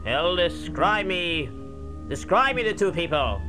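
A jittery king who stumbles over his words and protests his innocence, in a high voice for a man, played by a man. Music plays strongly in the background. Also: sing-song, measured pace, poor audio. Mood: nervous. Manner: stammering, defensive. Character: nervous, stammering male king.

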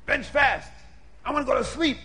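A man voicing a crude, selfish householder who shouts orders impatiently in a raised voice. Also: very high voice, moderate pace, voice pushed up. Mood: yelling. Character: crude, selfish, bellowing middle-aged householder.

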